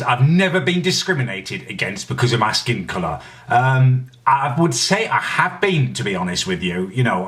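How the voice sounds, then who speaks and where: A young man hosting a casual comedic vlog, talking in a sardonic, deadpan way with indignant asides. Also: mid-range voice, recorded from a distance. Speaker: vlogger host.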